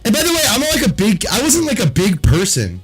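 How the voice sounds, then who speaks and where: Man in his thirties, very high husky voice, lively laughing storyteller, faint music under. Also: fast, poor audio. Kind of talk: casual chat with a friend.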